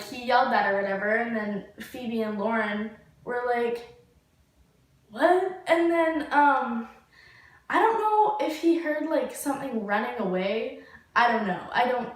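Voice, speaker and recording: A young woman with a fairly high voice tells a story, rambling along with constant "like"s and casual swearing. She sits back from the mic, so her voice lands in a very echoey room. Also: recorded from a distance. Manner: rambling, heavy use of "like" and swearing. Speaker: vlogger.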